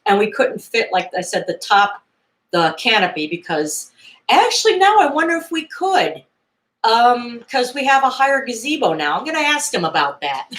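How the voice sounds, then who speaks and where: A woman in her fifties talks in a loose, meandering way, pausing on fillers and breaking into little chuckles. Her voice sits at an ordinary middle pitch for a woman, relaxed and conversational. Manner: rambling and hesitant, full of fillers and chuckles. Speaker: vlogger. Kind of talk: casual nostalgic chat.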